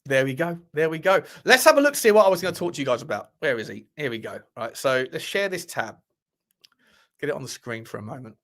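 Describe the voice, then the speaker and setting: A man's voice: on the high side, sing-song, fast, a bit bright. A man hosting a casual football livestream, chatty and thinking aloud, swearing now and then. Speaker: football channel host.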